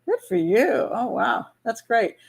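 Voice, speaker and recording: Older american lady rambling on a live stream, laughs a lot, kinda gravelly. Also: a little high, very animated, unhurried. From United States. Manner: chatty, laughing often, rambling with restarts. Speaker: host of a live patron hangout. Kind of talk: casual live-stream chat.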